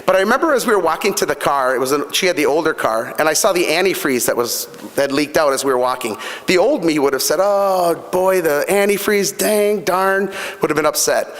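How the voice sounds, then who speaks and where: At a fundraising breakfast, a middle-aged guest speaker gives a motivational talk in a slightly high, fairly bright, expressive voice. He talks fast with few pauses, earnestly telling personal stories full of fillers and repetition. Long hall reverb colors the recording.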